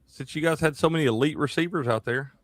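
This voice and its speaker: A man's voice: a little high, fast talker, dry recording, clean studio sound. A man co-hosting a sports show, joking in laid-back banter. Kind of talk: casual sports chat.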